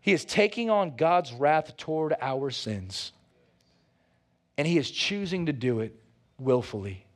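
Male pastor mid-sermon; high-set voice, lively and joking, keeps calling out to the church. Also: a little slow. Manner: animated preaching with playful asides; calls out to the congregation.

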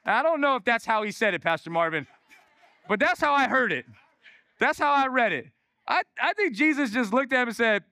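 Give me an emphatic male pastor with a bright, ringing voice, dry and close. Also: very high voice, animated, brisk, no room sound. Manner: emphatic, repetitive, swings from loud to hushed. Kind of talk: sermon.

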